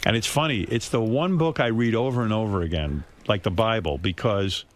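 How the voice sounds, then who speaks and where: A man's voice: fairly low pitch, a little fast. A man hosting a talk show, asking blunt, teasing questions. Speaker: host. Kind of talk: casual talk-show interview.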